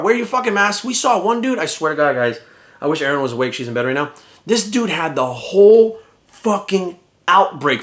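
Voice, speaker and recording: A fitness vlogger venting straight to his viewers, firing off a heated, profanity-laced monologue. His voice sits a little high for a man, and the words come in a rapid, relentless stream. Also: fairly bright tone. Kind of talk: ranting vlog monologue.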